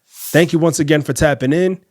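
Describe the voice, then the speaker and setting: A man's voice: on the high side, fairly quick, no echo. Man hosting a podcast, dry close sound. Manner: direct, addresses viewers as fellas and ladies. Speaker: podcast host. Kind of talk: commentary on clips.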